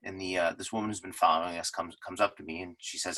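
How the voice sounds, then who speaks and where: A man, giving an earnest presentation to his lodge. His voice sits very low but has a bright, forceful edge, and he tells his stories with plenty of fillers and restarts. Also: fairly even intonation, fast, rough recording. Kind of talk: unscripted presentation talk.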